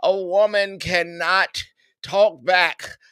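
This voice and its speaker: A man voicing a smug, preachy young man who lectures slowly and loudly in a mocking tone. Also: high voice, fairly even intonation, smooth, dry recording, studio quality, pitched above the performer's own voice, full character voice. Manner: slow, loud, mocking lecture.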